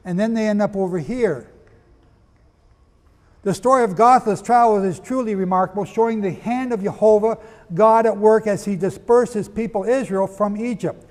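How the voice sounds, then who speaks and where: Male preacher, high voice, emphatic and questioning, long hall reverb. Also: darkish tone. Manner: emphatic, asks the audience questions. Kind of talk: preaching lecture with readings.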